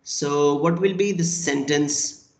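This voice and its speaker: A man teaching a French class over a video call, slow and patient, praising and prompting his students. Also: on the high side. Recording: echoey room.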